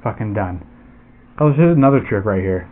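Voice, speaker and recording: A man with a lowish voice talks through a casual gear demo, rambling and cursing as he restarts his sentences. The sound is thin and phone-like, with a faint hiss underneath. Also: lively intonation, fairly quick. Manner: rambling and profane, with frequent restarts. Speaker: airsoft gear reviewer. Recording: tinny phone-like audio with faint noise.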